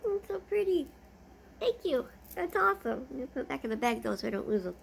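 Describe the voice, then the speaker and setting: Woman vlogger, gushing unboxing chat, high pitch with a gravelly edge. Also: sing-song, very fast, slight background noise. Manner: gushing, easily delighted.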